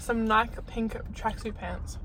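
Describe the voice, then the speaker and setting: A woman's voice: fairly high pitch, fairly even intonation, slow pace, crowd noise. A young woman chatting casually and laughing with her partner in a car. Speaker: co-host, girlfriend. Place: inside a car.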